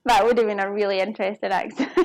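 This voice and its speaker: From her home kitchen, a cooking streamer chats with her audience while she cooks live. Her voice is medium in pitch with a darkish tone, and the audio has no room sound.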